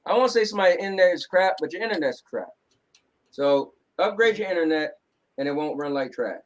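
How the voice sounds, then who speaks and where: A man's voice: fairly high pitch, expressive, fast. A man co-hosting a casual talk show, teasing and laid-back. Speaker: co-host. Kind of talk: casual chat.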